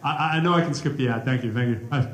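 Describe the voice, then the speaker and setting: A man giving a lively, joking talk to a college audience, speaking into a handheld mic. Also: medium pitch, fast. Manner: joking, animated, chatty. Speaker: rapper and math professor giving a talk. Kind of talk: lively campus talk with humor. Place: college hall, echoey. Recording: echoey room.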